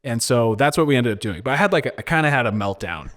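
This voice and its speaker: Animated young man telling a story. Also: medium pitch, fast. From San Diego. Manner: animated, laughing, many fillers and restarts. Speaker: guest DJ and producer. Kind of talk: casual storytelling interview.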